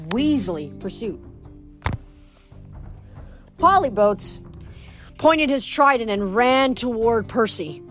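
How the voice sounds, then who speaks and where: A woman reading a novel aloud in a fairly high voice. She reads plainly, now and then tripping over a word and correcting herself. Faint music plays underneath. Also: a bit bright. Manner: plain reading with occasional stumbles and self-corrections. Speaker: audiobook reader.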